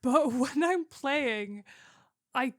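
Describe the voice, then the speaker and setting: A woman's voice: high voice, lively intonation, drawn-out words, no echo, studio quality. A young woman co-hosting a podcast and talking as a game master, hesitant and full of "um"s. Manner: hesitant, with frequent "um"s and laughter. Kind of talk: casual chat.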